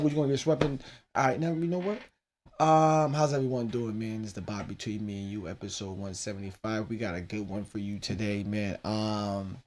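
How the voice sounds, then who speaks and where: A man's voice: mid-range voice, darkish tone. A man in his thirties hosting his own podcast, rambling casually about his teenage son with loose, profane talk and laughing asides. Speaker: podcast host.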